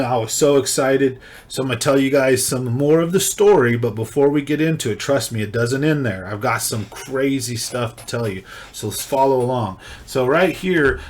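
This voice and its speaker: A man from California hosting a video, casually and excitedly retelling his own story. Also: mid-range voice. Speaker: video host.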